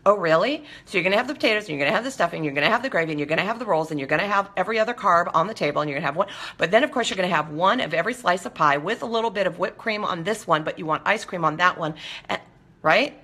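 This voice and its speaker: A woman's voice: on the low side, expressive, rapid-fire, bright, forceful tone. A woman hosting a talk show, speaking casually and animatedly to viewers and acting out quoted voices.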